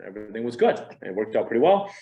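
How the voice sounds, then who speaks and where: A man's voice: on the low side, sing-song, racing, lo-fi sound. A middle-aged man giving a casual training talk to real estate agents. He speaks conversationally and animatedly, with a self-deprecating manner.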